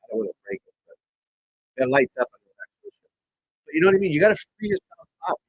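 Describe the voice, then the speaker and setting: Husky-voiced man ranting on a livestream. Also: on the high side, sing-song, fast, dull audio. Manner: loud, swearing, rambling and frustrated. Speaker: golf pro livestream host. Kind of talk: casual livestream chat. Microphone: desk mic at computer.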